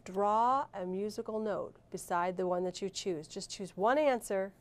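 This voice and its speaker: A woman teacher leading a recorded reading lesson, saying each word clearly and deliberately for young students. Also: mid-range voice. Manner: clear, slow, deliberate teacher talk with drawn-out words.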